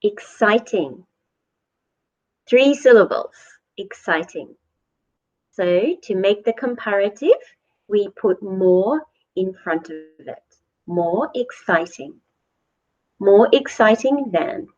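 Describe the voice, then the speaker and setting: A woman teaching English grammar at a slow, deliberate pace, from New Zealand, repeating each word clearly for learners. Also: medium pitch, lively intonation, darkish tone. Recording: dull lo-fi recording.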